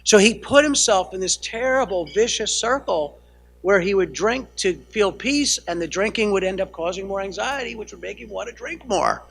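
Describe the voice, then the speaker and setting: Speaking in a high, animated voice at a moderate pace, this American man is a counselor lecturing a live audience at a family training session. His tone is fairly bright yet husky with vocal fry, and he keeps asking "right?" and fixing his own sentences partway through.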